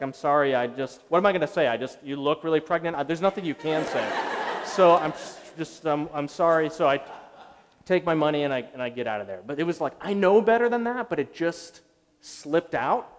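A middle-aged male pastor delivers a sermon in an animated, self-deprecating storytelling manner. His voice sits a little high for a man, and a long reverb from a large church hall trails behind each phrase.

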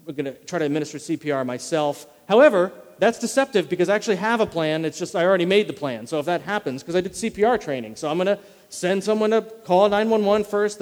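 A man preaching a sermon in a conversational way, repeating key phrases and slowing down to read scripture. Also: on the high side, a little mellow. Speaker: pastor. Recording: long reverb of a large hall.

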